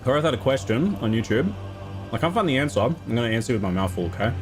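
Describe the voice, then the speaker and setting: A man chats on his live stream at a desk mic, his voice rising and falling in a lively sing-song way. He laughs easily and reads out thanks to his viewers one after another. Faint music plays under him. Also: medium pitch, fast. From Australia. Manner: chatty, laughs often, reads out thank-yous to chat. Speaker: game streamer. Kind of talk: casual live-stream chat.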